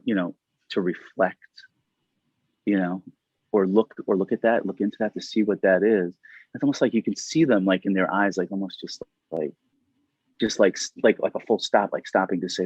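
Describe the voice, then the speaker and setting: A man's voice: on the low side, darkish tone, husky, no echo. Middle aged guy rambling with lots of like, dull dry call audio. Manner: rambling, says "like" constantly, laughs often. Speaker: interview guest. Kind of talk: casual conversation.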